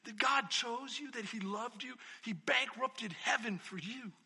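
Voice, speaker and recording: A man preaching in a very high, piercing voice that carries a gravelly, husky grain. He swings between loud, emphatic declarations and quiet, close reflection, and a long hall reverb trails after every phrase. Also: a little slow. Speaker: pastor. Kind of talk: sermon.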